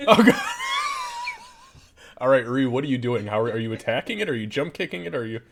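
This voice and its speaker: A man narrating as game master of a tabletop game, casual and quick to laugh, swearing freely. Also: mid-range voice, sing-song, gravelly, background noise.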